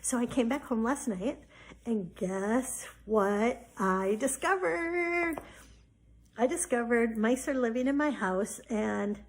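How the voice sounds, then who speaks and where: A woman in her forties hosting a podcast, telling a personal story in a chatty, animated way with many fillers. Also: fairly high pitch, takes it slowly. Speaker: podcast host. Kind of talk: personal story, casual spiritual talk.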